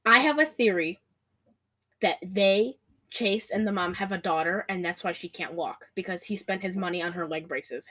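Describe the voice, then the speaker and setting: A young woman chatting casually, recapping a movie in quick, giggly bursts with lots of laughter. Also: on the low side. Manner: giggly, rapid-fire, animated storytelling.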